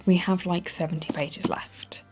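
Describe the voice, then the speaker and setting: A woman's voice: on the low side, fairly even intonation, measured pace, darkish tone, whispered, faint music behind. A woman chatting casually and candidly in a reading vlog, talking straight to her camera. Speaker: book vlogger.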